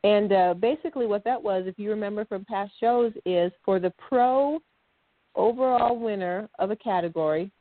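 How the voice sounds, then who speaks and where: A woman's voice: medium pitch, moderate pace, no room sound. A woman co-hosting a podcast in a chatty, rambling way, laughing often. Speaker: podcast co-host. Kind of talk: casual chat. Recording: dry, phone-like sound.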